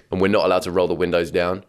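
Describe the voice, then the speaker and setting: A man's voice: sits low, slight background noise. A young man hosting a reaction video, rambling and joking, swearing and laughing often. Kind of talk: comedic reaction commentary.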